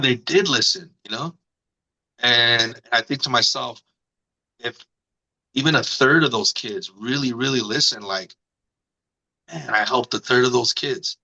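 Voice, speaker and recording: A man recounts his story as an interview guest, acting out what others said in a raised voice. His tone is bright and forceful, peppered with "you know" and "man.". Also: rough recording. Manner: animated, acts out quotes in higher voice. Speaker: radio host and guest.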